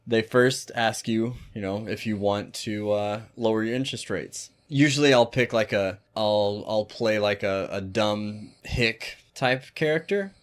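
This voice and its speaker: Low-voiced man telling a profane story. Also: unhurried, hardly any pauses. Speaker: podcast co-host. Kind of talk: casual storytelling chat.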